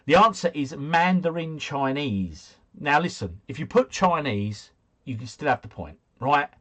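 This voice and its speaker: Husky, lively man hosting a quiz. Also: fairly high pitch, measured pace. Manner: chatty, joking asides between questions. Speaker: quiz host. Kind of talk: reading out quiz questions and answers.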